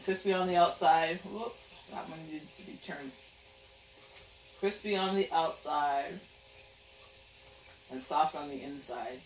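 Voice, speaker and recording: A woman's voice: low-pitched, takes it slowly, pauses often, recorded from a distance. Woman home cook, chatty and playful, off-mic in a roomy kitchen with faint background hiss. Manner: chatty, playful, talks through each step. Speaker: home cook, channel host. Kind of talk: casual cooking vlog. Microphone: camera mic, back turned, away from it.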